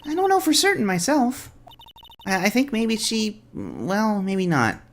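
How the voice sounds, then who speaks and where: A woman voicing a shy, eager young woman who speaks in a hesitant, halting way. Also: mid-range voice, sing-song, slight background noise.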